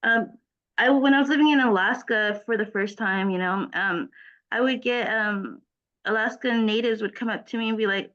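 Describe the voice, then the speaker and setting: A woman student tells a story in a class discussion, talking fast and animated with plenty of "you know". Her voice sits high, and the recording sounds dull and lo-fi.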